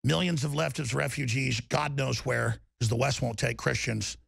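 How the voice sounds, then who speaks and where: A man's voice: mid-range voice, fairly even intonation, normal speed, vocal fry, a bit bright, husky, dry recording, clean studio sound. A man delivering an angry political rant, heated and emphatic, with mocking asides. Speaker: political commentator.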